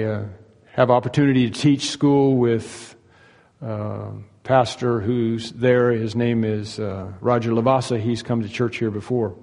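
A man preaching a sermon, telling the story in a folksy, humorous way with many fillers and pauses. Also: mid-range voice, darkish tone, long reverb tail. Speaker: pastor.

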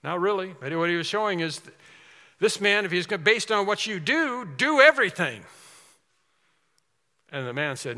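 A man's voice: high-pitched, very animated, moderate pace, pauses often, sharp tone, in a large hall. A man preaching a sermon in an earnest, emphatic way, repeating key phrases for stress.

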